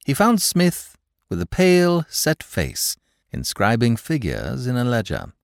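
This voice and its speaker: A man narrating a classic story in a measured, expressive reading. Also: medium pitch, vocal fry, no room sound, studio quality. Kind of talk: audiobook reading of classic fiction.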